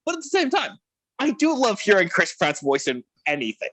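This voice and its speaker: A man talking as a guest on a podcast in casual chat, animated and laughing often. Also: high voice, fairly quick, breathy edge.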